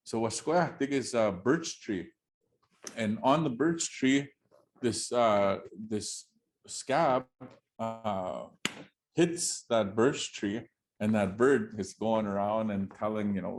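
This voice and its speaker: A man's voice: fairly low pitch, slow pace, noisy background. A male storyteller telling a traditional tale in a loose, chatty way. He laughs often and keeps checking in with his listeners with "right?" and "you know?". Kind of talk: oral storytelling to an audience.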